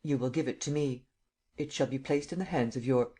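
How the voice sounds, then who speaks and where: A man reading as a calm, commanding imperial visitor. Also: medium pitch, a little fast, slightly rough, close to an everyday voice. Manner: calm, even, stating rather than asking. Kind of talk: audiobook character reading.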